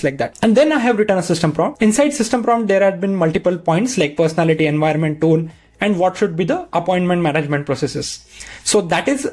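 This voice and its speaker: Into a desk mic, a high-voiced man narrates a software tutorial recorded from his screen, taking each step in a patient, straightforward way.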